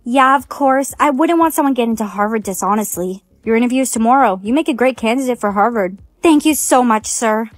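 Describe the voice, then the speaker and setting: High synthetic woman's storytime voice. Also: brisk, few pauses, dry recording, clean studio sound. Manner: evenly paced synthetic delivery voicing every role. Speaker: text-to-speech storyteller. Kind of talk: scripted storytime narration.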